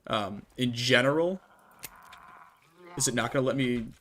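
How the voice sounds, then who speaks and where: A man's voice: mid-range voice, measured pace, sharp tone, a little hiss or hum. Rambling, chatty young man streaming. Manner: rambling and chatty, with many restarts and "like" fillers. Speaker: streamer and channel host. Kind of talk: casual livestream Q&A while gaming.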